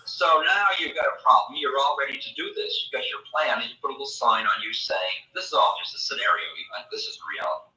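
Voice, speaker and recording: Bright-voiced man lecturing in an echoey room. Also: medium pitch, a little fast. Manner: animated storytelling, acting out imagined voices. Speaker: spiritual teacher. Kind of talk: spiritual lecture. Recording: echoey room, mic far off.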